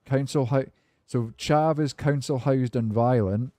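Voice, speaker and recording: Man, game streamer, casual chat with viewers, mellow warm voice, laid-back, swears a lot, dry close sound. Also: medium pitch, measured pace, no echo. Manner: laid-back, swears freely, rambling cynical asides.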